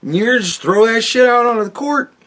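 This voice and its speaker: Male podcast host, angry sarcastic rant, high pitched and very animated. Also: brisk. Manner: angry, profane, sarcastic ranting.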